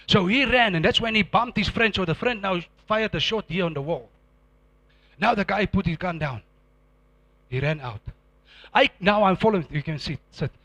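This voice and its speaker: Preaching in a voice that sits high, a middle-aged man recounts a dramatic testimony, breaking into sudden loud outbursts as he acts out scenes. The sound is dry.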